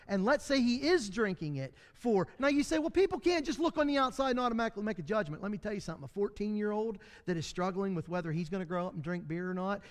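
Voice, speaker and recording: Man, Bible study teacher, folksy storyteller, fairly high voice, long reverb. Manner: storytelling, folksy, self-deprecating humor. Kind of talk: conversational Bible class teaching. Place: church classroom.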